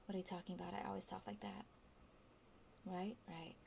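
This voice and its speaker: A woman streamer speaking in a soft whisper, reading verse and joking casually between lines, in a whispered role-play. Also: lowish voice, very animated, a little fast, vocal fry, slight background noise.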